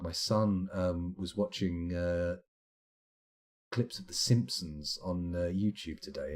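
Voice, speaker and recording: A middle-aged British man talks through his game live on stream, rambling and poking fun at himself as he goes. His voice sits a little low, with a dark, mellow and slightly husky tone. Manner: rambling, self-deprecating, chatty.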